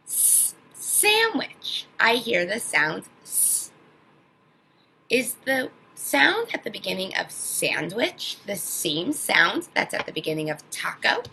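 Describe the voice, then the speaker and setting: A woman teaching an online phonics lesson to young children, sounding out words slowly and with exaggerated emphasis. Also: medium pitch, big pitch swings, creaky, pushed and bright, a little hiss or hum, low-quality recording.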